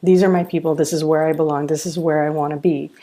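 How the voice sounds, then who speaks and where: Low-voiced woman telling earnest stories. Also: quick pace. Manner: earnest, animated storyteller. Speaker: college founder and president. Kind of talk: podcast interview, storytelling.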